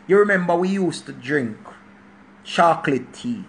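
High-voiced Jamaican man ranting. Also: lively intonation, unhurried, a bit bright, a little hiss or hum. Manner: preachy, emphatic, repeats points for stress. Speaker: channel host. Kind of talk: casual monologue rant.

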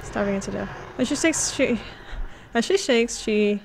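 Excitable woman streaming a game. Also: fairly high pitch, unhurried, creaky, background noise. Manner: excitable, reacts with gasps and laughs. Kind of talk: live game playthrough, reading text aloud.

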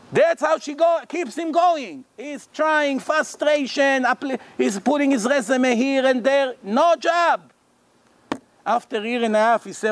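A man with a very high voice gives a religious lecture in English, a language he did not grow up speaking. He tells a long story and voices each person in it, so his pitch and loudness swing widely between narration and their lines. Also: measured pace, slight background noise. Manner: animated, acts out the characters' lines in the story. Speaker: rabbi. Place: lecture hall.

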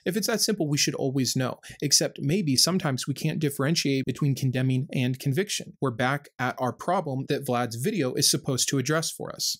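A man's voice: mid-range voice, normal speed, few pauses, a bit bright. A man hosting a reaction video, giving impassioned and earnest critical commentary.

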